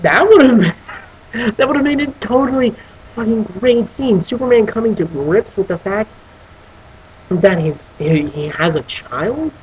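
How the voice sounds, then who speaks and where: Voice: medium pitch, unhurried, lo-fi sound, slight background noise. A film reviewer on a casual video who rants with lots of swearing and restarts. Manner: animated, profane ranting with many restarts; breaks into voicing characters.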